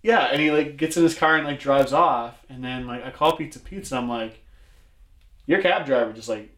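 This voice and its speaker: A man's voice: mid-range voice, moderate pace, fairly bright tone. A man telling a long story in casual chat, rambling with lots of filler words and swearing. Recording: echoey room.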